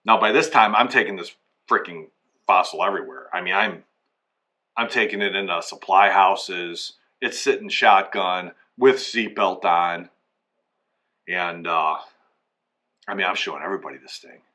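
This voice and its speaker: Guy spinning a goofy rambling story, low-ish voice but bright and punchy, does everyone's lines himself. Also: normal speed. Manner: rambling, acts out both sides of conversations. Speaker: comic storyteller. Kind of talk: comedic anecdote monologue.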